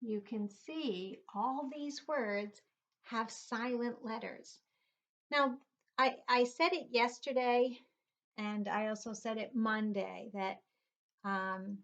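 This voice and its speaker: Middle-aged lady teacher doing phonics for little kids, super slow, spells letters out, kinda muffled lo-fi audio. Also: fairly high pitch, a bit bright. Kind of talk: phonics lesson for young children. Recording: dull lo-fi recording.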